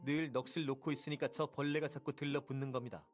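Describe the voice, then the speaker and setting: A man's voice: mid-range voice, level tone, very fast, soft background music, close to an everyday voice. An actor voicing a cold, composed young man in a game, dry and cutting in his remarks. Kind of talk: game voice acting.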